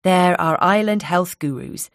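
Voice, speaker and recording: A woman's voice: fairly low pitch, unhurried, dry recording, clean studio sound, pitched above the performer's own voice. Woman voicing a bubbly island hairdresser. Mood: cheerful. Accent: Isle of Wight. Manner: bubbly, friendly, talkative. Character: chatty cheerful young island hairdresser woman.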